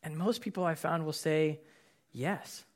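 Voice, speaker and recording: A man with a somewhat high voice delivers a relaxed, conversational sermon. He talks earnestly, often saying "um" and "you know" and restarting words. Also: measured pace. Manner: casual, earnest, many fillers and repeated words. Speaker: pastor. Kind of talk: conversational sermon with personal stories.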